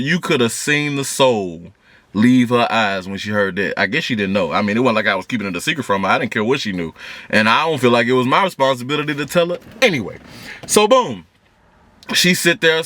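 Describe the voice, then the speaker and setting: Animated man telling a story. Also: medium pitch, brisk, no room sound. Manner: animated, slangy storytelling with voiced quotes. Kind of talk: casual storytime. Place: car. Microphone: camera in the car.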